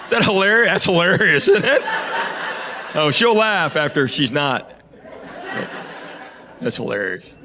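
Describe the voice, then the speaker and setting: A middle-aged man with a Southern US twang works a stand-up crowd, telling stories in a dry, deadpan way. His voice sits fairly high, and a big audience laughs loudly around him on a live stage. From Tennessee. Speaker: stand-up comedian. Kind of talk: stand-up comedy set. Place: comedy stage before an audience.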